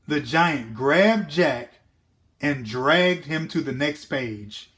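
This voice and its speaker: A man, an educator, reading a children's storybook aloud with an expressive, animated manner. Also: a little high, slow.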